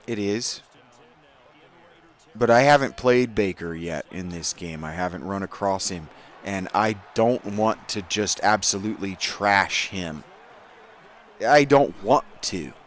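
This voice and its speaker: A man giving casual, profane commentary over a football video game, swinging from low muttering to loud excited outbursts. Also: takes it slowly. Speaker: gaming streamer.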